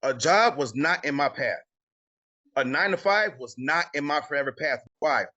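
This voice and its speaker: Emphatic and repetitive, a credit coach with children gives a motivational talk to a live group call, frequently saying "y'all." He speaks at normal speed in a slightly high, pushed, bright voice with lively intonation, over lo-fi audio.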